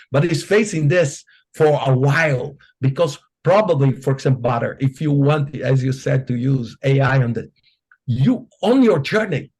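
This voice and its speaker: Brazilian man, gravelly and husky, lively pitch, panel talk with frequent restarts. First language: Portuguese. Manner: animated, repetitive restarts. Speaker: panel speaker.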